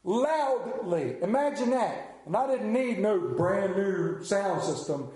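A pastor giving a sermon, talking candidly in a folksy storytelling way, recorded in a church. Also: male voice, sits high, measured pace, darkish tone, roomy sound.

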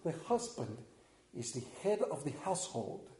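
A preacher putting on a warm Greek mother, speaking in a heavy Greek accent, soothing and knowing. The voice is lower than his own and drifts back from the mic. It sounds out in a roomy hall. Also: big pitch swings, normal speed. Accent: put-on Greek.

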